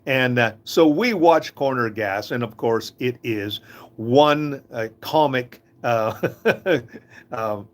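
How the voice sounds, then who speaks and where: A man's voice: medium pitch, slow pace. An older man hosting a live talk in a casual, folksy, inspirational way, often chuckling at his own stories.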